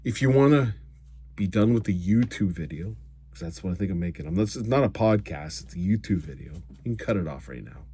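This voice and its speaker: A man's voice: low-pitched, lively intonation, a little fast, mellow, slight background noise. A man hosting a casual hockey recap, ranting in a sarcastic, rambling way. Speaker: host.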